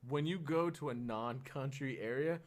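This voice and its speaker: A young man from Oklahoma with a thick country accent, telling stories in a casual, animated podcast chat full of fillers. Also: medium pitch, moderate pace. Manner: animated, laughing storyteller with many fillers. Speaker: podcast co-host.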